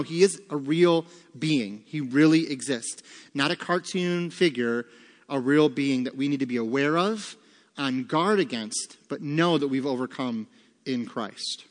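A man teaching a Bible lesson to a congregation, emphatic, asking rhetorical questions and answering them himself. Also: a little high. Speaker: pastor teaching a Bible study. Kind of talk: sermon-style Bible teaching with fill-in notes. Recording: long reverb of a large room.

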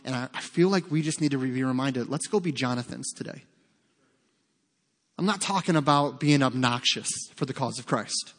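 A man preaching a sermon as pastor, earnest and conversational, often breaking off into casual asides. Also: a little high. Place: church sanctuary. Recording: long reverb of a large hall.

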